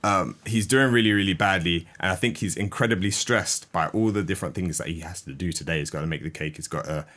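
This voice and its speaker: A man hosting a podcast, casually retelling a story scene by scene with lively asides. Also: sits low, fast, hardly any pauses. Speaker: podcast host. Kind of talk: animated storytelling, casual chat.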